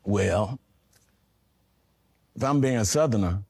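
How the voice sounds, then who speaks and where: A man's voice: mid-range voice, brisk, darkish tone, no room sound, studio quality. A man chatting casually as a podcast guest, playful and trying on different voices. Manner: playful, tries on different voices and laughs often.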